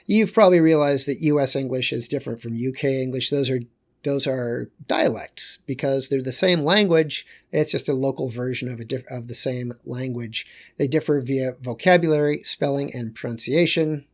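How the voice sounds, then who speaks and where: A man's voice: medium pitch, moderate pace. A male teacher giving a recorded lecture in a conversational way, with joking asides.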